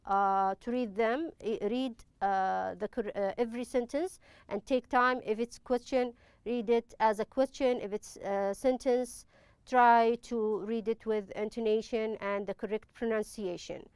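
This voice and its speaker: A middle-aged woman teacher, explaining a lesson step by step with frequent pauses. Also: fairly high pitch, steady tone, a little mellow, clear, resonant tone, no room sound. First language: Arabic. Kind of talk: online classroom lesson.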